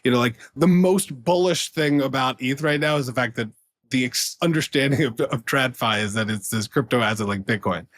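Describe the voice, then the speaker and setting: A man's voice: mid-range voice, moderate pace, fairly bright tone, dry recording, studio quality. A man guesting on a podcast, chatting casually with frequent fillers, restarts and laughs mid-sentence. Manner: rambling, full of fillers and restarts. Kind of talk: casual storytelling.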